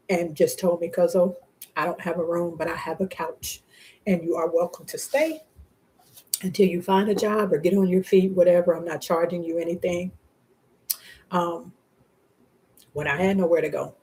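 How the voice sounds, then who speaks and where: A woman giving a live tarot reading in a casual, slangy way, speaking warmly to the viewer and to spirit guides, often breaking into laughter. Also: fairly low pitch. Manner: heartfelt, often laughing between words. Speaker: tarot reader.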